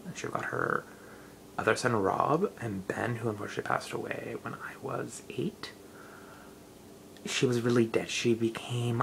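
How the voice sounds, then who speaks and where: A man's voice: on the low side, vocal fry, a bit bright, slight background noise, poor audio. A young man, rambling loosely in a casual late-night vlog, full of fillers. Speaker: vlogger.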